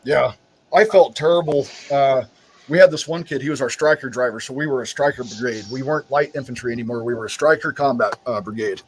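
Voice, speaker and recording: A man, a military veteran and podcast co-host, telling army stories in casual chat, swearing constantly and loudly mimicking officers. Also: medium pitch, brisk, slight background noise, poor audio. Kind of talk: casual profane storytelling.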